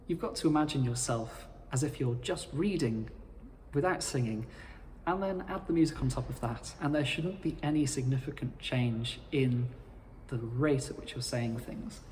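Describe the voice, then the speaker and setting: A man explaining how to cantor psalms in a measured, formal instructional talk. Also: mid-range voice, a little mellow, big-room sound, a little hiss or hum. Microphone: playing his own accompaniment.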